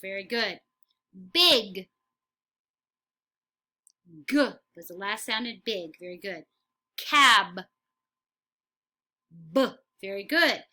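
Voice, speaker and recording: A woman teacher leading a phonics lesson for young children, slow and encouraging, saying words for the class to repeat. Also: mid-range voice, expressive, sharp tone.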